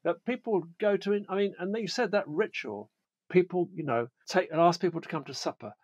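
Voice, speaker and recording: British man, middle-aged, animated chatty guest, slightly high voice, dry close sound. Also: fairly quick, breathy edge, no echo, lo-fi sound. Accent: British English. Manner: animated, mimics people in comic quoted voices. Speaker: podcast guest, addiction therapist. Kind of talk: casual conversation.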